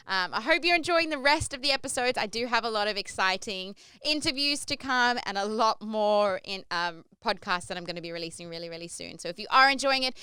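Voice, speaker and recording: A woman's voice: medium pitch, sharp tone, smooth, no echo. A young woman hosting a podcast, telling a travel story in a chatty way and acting out the quotes, with lots of "like". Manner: chatty, says "like" often; acts out quoted lines. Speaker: podcast host. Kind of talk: casual storytelling monologue.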